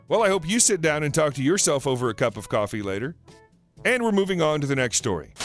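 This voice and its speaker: Man, fairly high voice, story narrator, steady read, soft music underneath. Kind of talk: reading online stories aloud.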